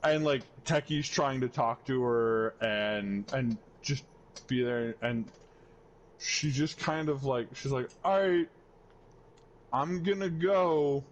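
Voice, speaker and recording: A man's voice: medium pitch, slow pace, muffled recording, slight background noise. A young man chatting casually on a podcast, telling a long story with lots of fillers and swearing. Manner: rambling storyteller, acts out quoted voices, swears freely. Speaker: podcast host. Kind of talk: casual chat.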